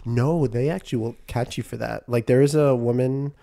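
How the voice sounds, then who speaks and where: A young man from New York co-hosts a casual podcast and rants with animated energy, laughing often. His voice sits in a warm, mellow register at a middling pitch. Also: normal speed, creaky. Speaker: podcast co-host. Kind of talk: casual chat.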